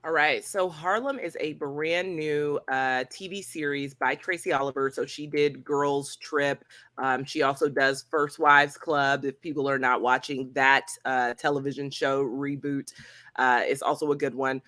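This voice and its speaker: A woman reviewing a TV series on a casual roundtable, talking in an animated, slangy way and laughing often. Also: a bass voice, measured pace, no echo. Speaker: film and TV critic.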